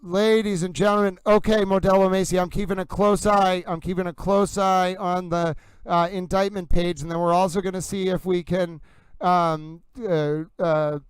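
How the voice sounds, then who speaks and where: A man hosting a live commentary stream, excitedly reacting in real time and constantly addressing his viewers as "ladies and gentlemen.". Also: high-pitched, normal speed, smooth, no echo, rough recording. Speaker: livestream host.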